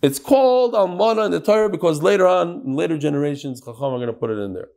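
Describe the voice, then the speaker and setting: A man teaching a daily Talmud class in an animated way, quizzing his students and mixing Hebrew and Aramaic terms into his English. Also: fairly high pitch, quick pace.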